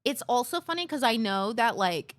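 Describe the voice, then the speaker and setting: A woman talking casually to her live stream chat, with a fairly high voice and a very animated, swooping delivery. She tells stories with playful impressions of other people and swears freely. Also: moderate pace. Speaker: livestreamer.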